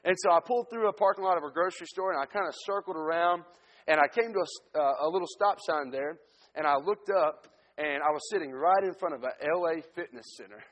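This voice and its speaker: A missionary preacher gives an earnest testimony sermon in a church sanctuary, telling his story and often restarting his sentences. His voice is on the high side, quick and a bit bright, with long church hall reverb.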